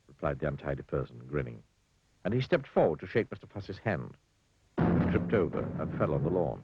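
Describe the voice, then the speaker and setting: A man reading a children's storybook aloud in a wry, animated way, voicing the characters. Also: low-pitched, fairly quick, slightly rough, no echo, lo-fi sound. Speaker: narrator.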